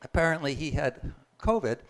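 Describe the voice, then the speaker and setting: A man with a fairly high voice shares his personal testimony as a guest speaker, animated and at a moderate pace. He tells it conversationally, chuckling and restarting sentences along the way.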